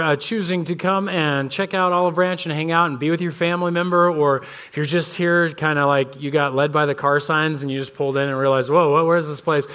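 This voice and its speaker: A pastor in his thirties giving a sermon in a church, telling stories about his kids in a loose, conversational way. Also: on the high side. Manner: conversational storytelling, animated voices for his kids. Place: church sanctuary.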